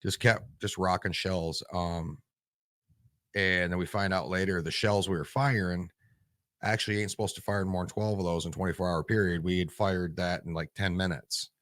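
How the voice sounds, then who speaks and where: A man's voice: sits low, fairly even intonation, normal speed, a bit bright, no room sound, studio quality. A man in his forties from Michigan, a veteran guest telling stories bluntly and with lots of swearing in a casual interview. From Michigan, USA. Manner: blunt and profane, rambling.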